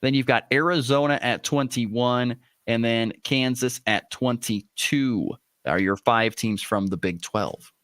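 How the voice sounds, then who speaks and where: A man hosting a morning sports radio show from a studio, talking casually with lots of "uh" fillers and lively pitch swings. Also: measured pace, hardly any pauses, no echo. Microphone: studio microphone.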